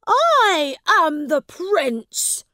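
A woman's voice: extremely high pitch, big pitch swings, extremely slow, pushed and bright, no echo, pitched above the performer's own voice, heavily acted. Woman playing a tearful ragged boy prince. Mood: angry pleading. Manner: pleading, insistent, close to tears. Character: desperate young boy prince in rags.

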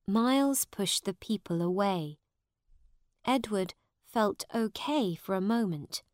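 A woman narrating a simple storybook in a clear, measured way. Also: mid-range voice, animated, no echo, clean studio sound. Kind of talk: slow storybook reading for learners.

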